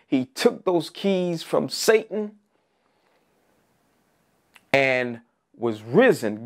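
Male preacher, Easter sermon; emphatic, builds with repeated rising phrases, many "uh" fillers, mid-pitched voice. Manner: frequent "uh" fillers.

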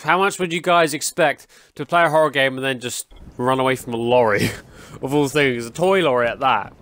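A man's voice: mid-range voice, a little fast, fairly bright tone. A young man giving casual, rambling commentary while playing a horror game, often yelping and laughing at jump scares. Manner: chatty, rambling, easily startled, yelps and laughs at jump scares. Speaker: gaming channel host.

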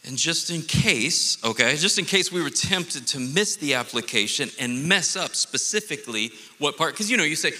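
A man pastor giving a conversational, animated sermon with playful asides. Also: a little high, moderate pace, hardly any pauses, in a large hall.

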